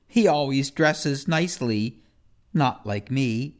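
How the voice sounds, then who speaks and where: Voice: mid-range voice, takes it slowly. A reader performing rhyming children's poems in a first-person kid's voice, with a playful sing-song delivery.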